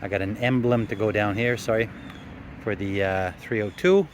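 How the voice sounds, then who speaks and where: In a garage workshop, a man with a lowish, fairly level voice chats casually to the camera at a normal pace while restoring a classic car, with a little hiss or hum in the background. His easygoing, rambling workshop vlog narration is packed with fillers and carries a dry, sarcastic streak.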